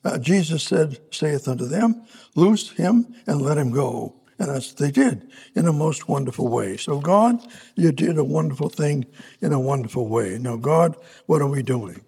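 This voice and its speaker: A man's voice: fairly high pitch, animated, normal speed, gravelly, warm tone, slightly rough. A man preaching a sermon in a casual, conversational way, reading scripture aloud and often restarting his sentences.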